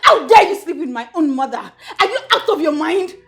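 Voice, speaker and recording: An actress with a Nigerian accent playing an outraged young woman who shouts scornfully and tearfully at her mother, in a film scene. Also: high voice, lively intonation, normal speed, soft background music. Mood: furious. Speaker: daughter confronting her mother. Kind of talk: Nollywood film acting.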